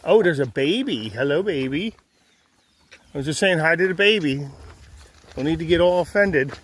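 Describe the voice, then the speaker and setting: On a rural road walk during his thru-hike, a man vlogs outdoors in a fairly bright, higher voice with lively intonation and a moderate pace. He's chatty, coos sing-song at animals along the way, and there's slight background noise.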